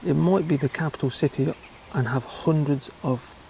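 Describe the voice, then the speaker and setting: A man's voice: a little high, normal speed, creaky, warm tone, a little hiss or hum, rough recording. An English man talking casually in a vlog, with dry, chatty asides. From England. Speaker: travel vlogger.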